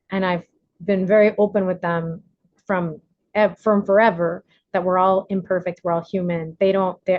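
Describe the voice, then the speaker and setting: A woman facilitating an online recovery workshop on a video call, animated, acting out quotes with big jumps in pitch. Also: dry recording, highs cut off.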